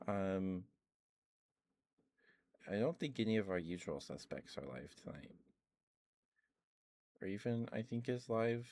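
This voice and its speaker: Deep-voiced guy doing sleepy asmr chat at home, kinda losing his voice, just rambling soft. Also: slow, pauses often, slight background noise. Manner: soft, relaxed, rambling talk. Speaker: ASMR streamer. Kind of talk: low-energy ASMR chat. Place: at home, indoors. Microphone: ASMR microphone with cover.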